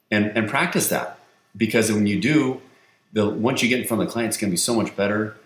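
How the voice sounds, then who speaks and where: A man who works as a sales coach, talking as a podcast guest in a lively storytelling way and acting out the quotes he tells. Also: on the low side, fast talker. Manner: energetic storyteller, acts out quotes. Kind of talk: conversational interview. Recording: roomy echo.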